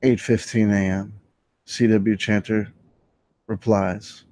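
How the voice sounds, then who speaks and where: A man hosting a stream, telling a casual story and acting out old online exchanges with laughs and quick asides. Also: fairly low pitch, no room sound. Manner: animated, laughing, acts out quoted exchanges. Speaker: stream host. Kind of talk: casual storytelling with mock readings of tweets.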